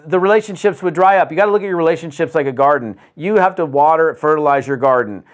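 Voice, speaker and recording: A man from the United States giving an energetic, conversational motivational talk on business, often restarting phrases and acting out quotes. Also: fairly high pitch, fast talker. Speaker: network marketing speaker.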